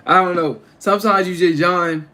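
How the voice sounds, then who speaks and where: A man talks loosely to his livestream viewers from home, his voice sitting a little high. He rambles, circling back over the same phrases and restarting his sentences. The tone is casual and unscripted. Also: fairly even intonation, moderate pace, bright, forceful tone. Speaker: livestream host.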